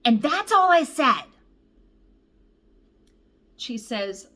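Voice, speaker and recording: A woman cross-stitch vlogger telling a story in a casual, animated, exasperated way, swearing freely. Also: a little high, slow, long pauses.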